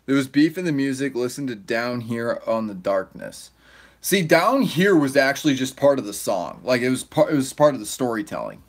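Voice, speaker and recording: Guy hosting a stream reading chat out loud, swears a lot, loose and rambly, voice bouncing up and down. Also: mid-range voice, big pitch swings, normal speed. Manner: loose and profane, rambling, laughs often. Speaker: livestream host reading chat. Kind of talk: casual livestream chat.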